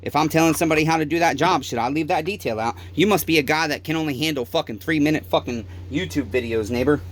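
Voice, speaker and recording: Man, shop owner, heated sweary rant, slightly high voice, faint background hiss. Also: fast. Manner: heated, profane ranting, pleading and repetitive. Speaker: small-engine repair shop owner. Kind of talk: angry monologue to camera. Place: repair shop.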